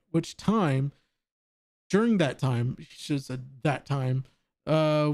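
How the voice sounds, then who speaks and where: Male livestream host with a mellow voice and a somewhat high pitch. Halting delivery, dry sound. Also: no echo. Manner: halting, with frequent restarts. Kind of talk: reading a post aloud and commenting.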